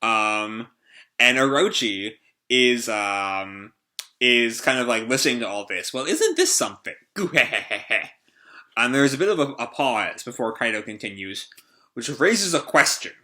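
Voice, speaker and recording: Man, casual comic reaction host, bright tone, rambling with fillers. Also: medium pitch, measured pace. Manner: rambling, with many fillers and restarts. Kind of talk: casual live reading and reaction.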